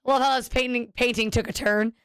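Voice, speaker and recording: Woman streamer, casual rambling chat, fairly high voice, clean dry close mic. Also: steady tone, brisk, clean tone, dry recording. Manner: rambling, self-interrupting storyteller.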